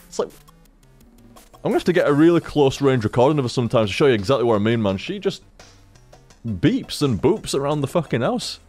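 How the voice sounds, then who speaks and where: A man's voice: fairly high pitch, very animated, fast talker, a little mellow, faint music behind. A young man streaming from home into a desk microphone, rambling casually, swearing freely and chatting to his cat. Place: home room. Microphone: studio microphone on a desk stand.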